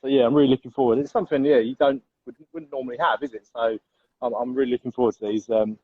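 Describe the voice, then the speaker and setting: Fast-talking enthusiastic man. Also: mid-range voice, fairly even intonation, breathy edge, no echo, phone-quality sound. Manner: enthusiastic, rapid, says mate often. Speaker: co-host. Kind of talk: casual live show chat.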